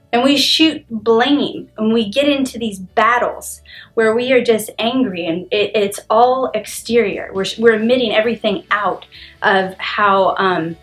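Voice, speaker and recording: This is a woman in her thirties, speaking in an earnest, reflective monologue. She has a mid-range voice and animated emphasis, with small restarts as she thinks aloud. Faint music plays behind her. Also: medium pitch. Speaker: vlogger.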